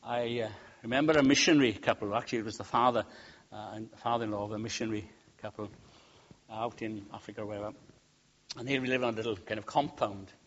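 A man preaching a sermon, swinging between loud emphatic peaks and quiet, humorous storytelling asides. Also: fairly low pitch, steady tone, fast talker. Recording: dull lo-fi sound.

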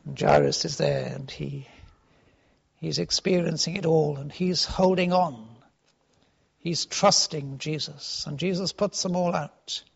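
A man preaching a sermon, earnest, rising for emphasis and dropping to hushed tones. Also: fairly high pitch, vocal fry, slightly rough. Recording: dull lo-fi sound.

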